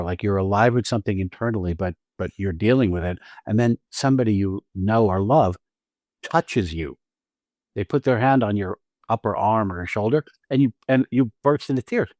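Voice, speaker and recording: A man co-hosting a podcast about acting, chatting in an animated way, acting out quotes and often laughing. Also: fairly low pitch, dry recording, clean studio sound. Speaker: podcast co-host and acting teacher. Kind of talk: casual conversational podcast chat.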